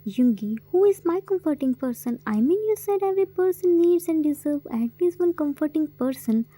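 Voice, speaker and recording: A woman's voice: high-pitched, animated, moderate pace, dark tone. A woman voicing a young man who asks questions in a plain way, in a story reading. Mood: curious. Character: young man, curious and tender.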